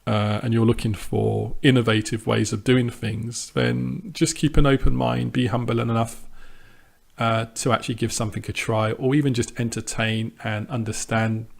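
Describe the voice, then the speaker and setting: A man's voice: mid-range voice, flat delivery, moderate pace, creaky. A man who runs a sports trading channel, giving a casual spoken update that is full of ums and restarts and pushes back at his critics. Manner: conversational with frequent ums and restarts; defiant, dismissive of critics. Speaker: sports trader vlogger. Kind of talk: casual monologue to camera.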